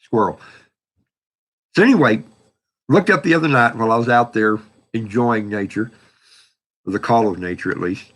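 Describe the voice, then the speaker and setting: Bright-voiced older man rambling. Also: medium pitch, normal speed, pauses often. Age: 60s. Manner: rambling, folksy, talks back to chat messages. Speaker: livestream host. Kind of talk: casual livestream chat reading viewer comments.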